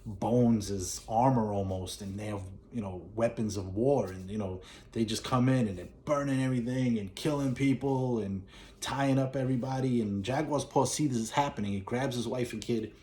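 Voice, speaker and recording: A man at an ordinary middle pitch talks through a film's story in a loose, conversational way. He circles back, restarts phrases and leans on fillers as he narrates. The tone is relaxed and chatty. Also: normal speed. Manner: rambling, lots of fillers and restarts. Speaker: movie reviewer. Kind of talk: casual movie recap.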